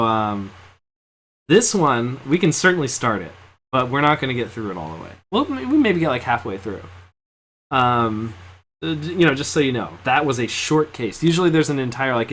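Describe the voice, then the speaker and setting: A man's voice: mid-range voice, a bit bright, slight background noise. A man chatting casually while playing through a game, rambling with lots of fillers. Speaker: game streamer voicing all the characters. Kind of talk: casual chat over gameplay.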